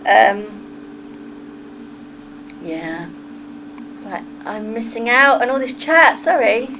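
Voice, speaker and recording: A woman's voice: fairly high pitch, slow, pauses often, noisy background. An English woman hosting a livestream, chatting casually with her viewers, laughing often and drifting onto tangents. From England. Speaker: livestream host. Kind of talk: casual chat reading a live chat.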